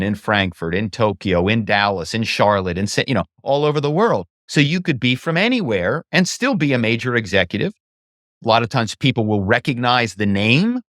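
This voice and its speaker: A man talking casually as a guest in an interview, telling stories in an animated way and often adding "you know" and "right". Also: on the low side, no echo, clean studio sound. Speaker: guest, former actor and social engineer.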